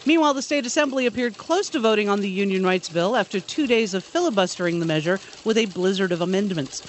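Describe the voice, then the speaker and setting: High-voiced man reading radio news. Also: animated, fast, slight background noise. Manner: reads headlines, then jokes along.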